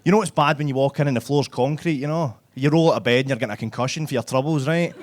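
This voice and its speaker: Here a man with a Glaswegian accent works a comedy club crowd in live stand-up, his medium-pitched voice moving at a quick pace. Brash and sweary, he chats with the audience and keeps finishing lines with "right?".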